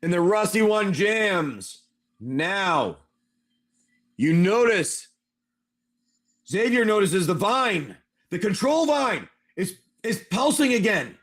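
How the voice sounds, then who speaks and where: High voiced guy gm on a stream, play by play, calling rolls n hits. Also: slow pace, long pauses. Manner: animated, play-by-play narration. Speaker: game master. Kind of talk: narrating a tabletop game on a live stream.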